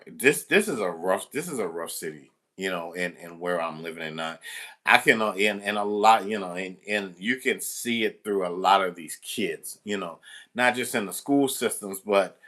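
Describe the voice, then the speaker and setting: Rambling man with a bright voice. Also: low voice. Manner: rambling, full of restarts and "you know". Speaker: substitute teacher. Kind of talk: casual storytelling monologue.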